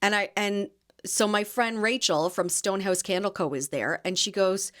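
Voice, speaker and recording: A woman's voice: on the low side, brisk. A woman in her thirties hosting a podcast, chatting casually and animatedly about her weekend as a market vendor, with frequent fillers and laughs. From Canada. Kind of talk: casual chat.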